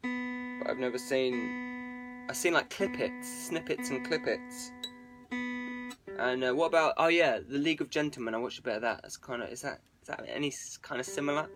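A man's voice: mid-range voice, moderate pace, over music. A man, rambling casually and self-mockingly to viewers on a live stream.

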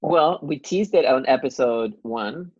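A podcast co-host in casual chat with a calm, dryly joking manner. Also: medium pitch, measured pace, slightly rough, dry recording. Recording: dry, lo-fi sound.

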